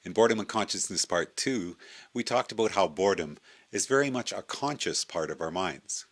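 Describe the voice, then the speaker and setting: A man speaking in a deep, low voice, middle-aged, first chatting loosely with lots of hesitant fillers. He then settles into steady reading aloud from his own book for a video blog. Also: fairly quick. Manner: hesitant with frequent uh fillers and restarts. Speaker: video blogger.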